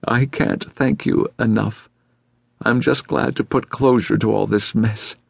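A man's voice: lowish voice, fairly even intonation, measured pace, creaky, husky, no room sound, pitched above the performer's own voice, exaggerated voice. A man voicing a frail, tearful elderly woman with a quivering voice, in an audiobook. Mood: grateful. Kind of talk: audiobook character voice.

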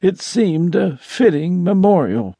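Courteous blue alien man, voiced by a male narrator, high and singsong, unhurried, dry studio. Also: big pitch swings, dark tone, slightly rough, no room sound, exaggerated voice. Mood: polite. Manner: courteous, mild, precise. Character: polite cheerful tall blue alien male. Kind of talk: audiobook character voice.

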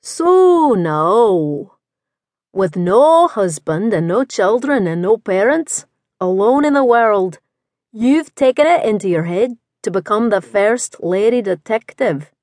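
A woman voicing a skeptical male Scottish detective chief with a blunt, measured, dismissive manner in an audiobook. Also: mid-range voice, sing-song, a little mellow, no room sound, clean studio sound. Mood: probing.

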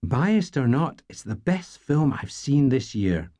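Man doing a curious chatty young woman, pitched up, lively, audiobook. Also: slow pace, no echo.

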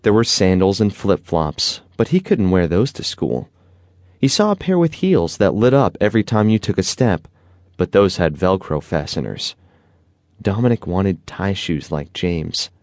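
A man narrating a children's audiobook in an expressive storytelling manner. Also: low voice, a little slow, no room sound.

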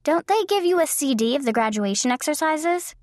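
A woman's voice: high-pitched, lively intonation, fairly quick, no echo, clean studio sound, pitched above the performer's own voice. A woman reading the lines of a sweet-natured, teasing widowed mother in middle age. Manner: gentle, teasing.

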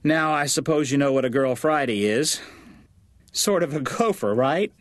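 A man's voice: mid-range voice, moderate pace, dry recording, voice pushed up, natural voice. A red-faced, salesman-like office boss of about fifty from an audiobook, voiced by a man. He talks in a loose, breezy way on a dry close recording. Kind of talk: audiobook character voice.

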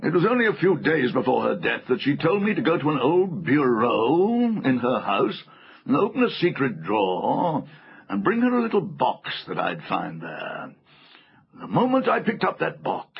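A man's voice: medium pitch, gravelly, husky, voice pushed up, heavily acted. A man voicing a scheming elderly uncle in a storybook reading, silky and wheedling. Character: sly, scheming elderly uncle, oily and secretive. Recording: muffled audiobook recording, faint music.

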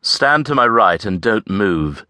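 A male audiobook narrator voicing a calm, commanding man who speaks smoothly and evenly. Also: on the low side, slow, dry recording, studio quality, full character voice.

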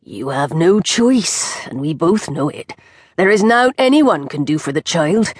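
A woman voicing a hoarse old witch who speaks slowly in riddles, with a breathy, whispered edge, for an audiobook. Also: fairly low pitch, expressive, dry recording, clean studio sound. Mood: cryptic. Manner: slow, riddling, snapping. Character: hoarse old female witch, cryptic and eager. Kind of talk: audiobook character voice.

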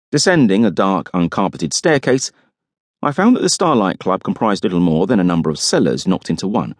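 A man's voice: low-pitched, no echo. A man narrating a first-person audiobook with wry, dry humour.

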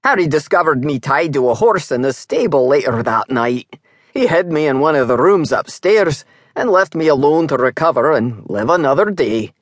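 A narrator voicing a young Highland warrior with a Scottish accent, blunt and wry. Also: male voice, animated, normal speed, dry recording, clean studio sound. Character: gruff brawny Highland warrior, young man.

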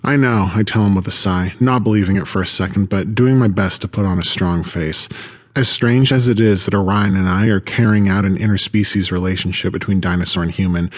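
Male audiobook narrator, lowish voice, steady first-person reading.

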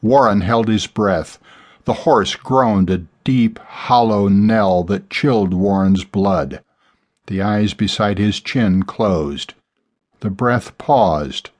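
A man narrating a dramatic novel in a measured, deliberate delivery. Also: on the low side. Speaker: audiobook narrator. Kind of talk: scripted fiction narration.

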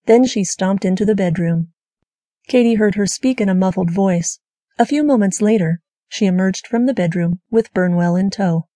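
A woman audiobook narrator reading crime fiction in a steady, even scripted narration. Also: mid-range voice, moderate pace, no echo, studio quality.

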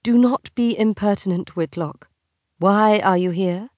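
A woman voices an exasperated, proud young noblewoman who speaks in a clipped, indignant way. Her mid-range voice, pitched above her own but close to an everyday voice, is slightly mellow and unhurried. The recording is dry with clean studio sound.

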